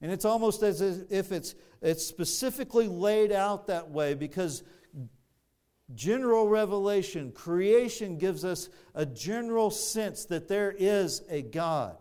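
A man preaching a sermon with a smooth, clear voice that sits fairly high for a man. He talks slowly and explains each point step by step, often going back to restart a phrase. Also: a little mellow. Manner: measured, explanatory, with frequent restarts.

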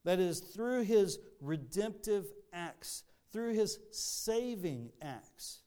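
A man's voice: sits high, animated, slow, warm tone, smooth. A man preaching a sermon in an earnest way, often repeating words and restarting his sentences. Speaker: pastor.

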